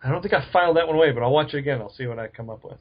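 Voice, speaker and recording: A man's voice: medium pitch, racing, husky. A man co-hosting a podcast in casual chat, giving short replies and dry jokes. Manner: brief back-channel replies, dry jokes. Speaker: podcast co-host. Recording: dull lo-fi audio.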